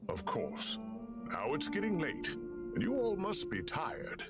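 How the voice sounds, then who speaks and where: Older gardening professor: fussy, lecturing, very animated delivery over music. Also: male voice, a little high, unhurried. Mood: genial.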